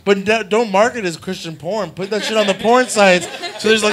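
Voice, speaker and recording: A man's voice: sits high, fairly even intonation, fairly quick, few pauses, a crowd in the background. A man hosting a live stream show, riffing on crude comedic bits with lots of fillers and laughter. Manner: rambling, laughing, filler-heavy. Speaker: host.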